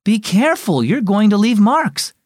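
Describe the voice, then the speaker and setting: A man voicing a weary but gentle mother in a children's story. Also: high-pitched, sing-song, moderate pace, no room sound, studio quality, pitched above the performer's own voice.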